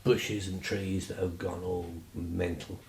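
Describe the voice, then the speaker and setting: A man's voice: low-pitched, flat delivery, slow, vocal fry, darkish tone, roomy sound, a little hiss or hum, poor audio. A man telling stories casually, rambling and chatty with lots of fillers. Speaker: vlogger. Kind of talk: casual storytelling.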